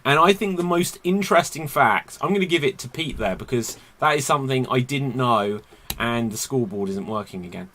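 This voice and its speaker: A man's voice: medium pitch, expressive, a bit bright, a little hiss or hum. A man hosting an online comedy game show in a playful, upbeat way over a video call. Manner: playful, quick to laugh.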